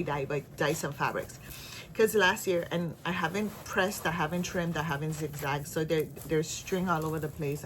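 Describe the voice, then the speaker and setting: A woman's voice: fairly low pitch, a little hiss or hum. A woman chatting casually in a stitching vlog, rambling and laughing often. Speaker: cross-stitch vlogger. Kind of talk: casual chat.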